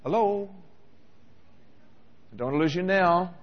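High-voiced preacher, animated. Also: male voice, measured pace, in a large hall, highs cut off. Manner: animated, questioning the congregation directly. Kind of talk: sermon.

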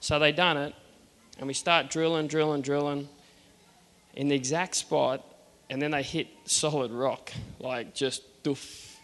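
A man's voice: a little high, fairly even intonation, measured pace, a bit bright, in a large hall. A man with an Australian accent earnestly telling a personal faith story, acting out the dialogue. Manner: earnest, plain-spoken, acts out the dialogue.

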